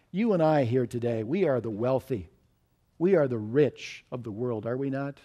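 A man's voice: on the high side, mellow. A male pastor preaching a sermon in a church, telling stories and asking the congregation questions in an earnest way. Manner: earnest, urges listeners to listen carefully. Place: church sanctuary.

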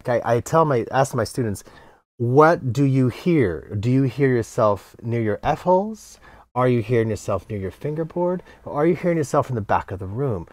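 A middle-aged man talks about teaching cello in a relaxed interview, his pitch rising and falling in a lively, animated way. He acts out his students' lines in quick quoted voices, and the recording is dry and close, with no room sound. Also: no room sound. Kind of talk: casual interview talk.

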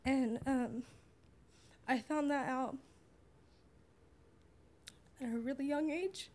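A woman's voice: sits high, takes it slowly, a little mellow. A young woman who is new to a podcast, speaking earnestly in casual chat while fighting back tears. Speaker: podcast guest, new member.

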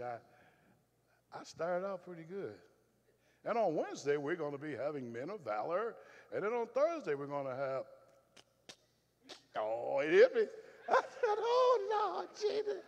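Southern man preaching in a church hall. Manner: folksy storytelling, swings from loud and firm to low and confiding. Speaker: pastor. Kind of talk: sermon. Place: church sanctuary.

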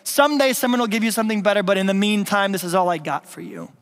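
A man's voice: high-pitched, lively intonation, quick pace. A man voicing a weary, apologetic old male leader in a sermon, with a shrugging manner. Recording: long reverb of a church hall.

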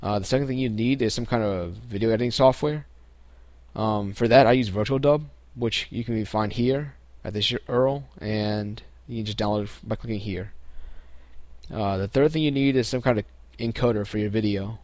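Young guy, lowish voice, relaxed tutorial host with filler words, dry recording. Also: normal speed, no echo. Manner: relaxed, many ums and restarts. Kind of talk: casual screen-recorded tutorial.

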